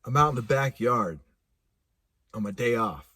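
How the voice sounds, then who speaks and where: A man telling a personal story casually, animated and laughing, with vivid sound effects. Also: medium pitch, a little slow, breathy edge, no echo, studio quality. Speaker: speaker.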